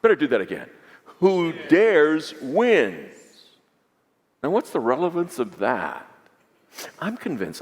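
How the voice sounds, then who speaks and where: A man preaching a sermon as pastor, dropping to hushed lows and climbing to emphatic peaks, asking the congregation to repeat lines back. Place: large church sanctuary. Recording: long hall reverb.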